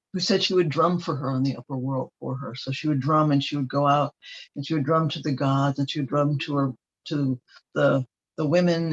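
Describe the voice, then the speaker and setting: A man telling a myth at a ceremonial storytelling event, meandering with ums and restarts. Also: fairly high pitch. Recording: dull lo-fi recording.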